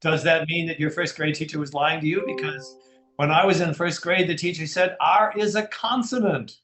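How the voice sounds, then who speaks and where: A man's voice: fairly high pitch, level tone, fairly quick, a bit bright, roomy sound. A man teaching an English class, playful and teasing with his students.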